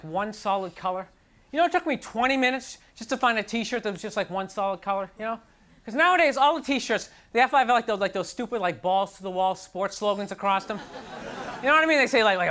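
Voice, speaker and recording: A man performing a stand-up comedy routine on a club stage, ranting in an animated, self-deprecating way into a handheld mic. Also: high-pitched. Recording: live club recording with audience noise.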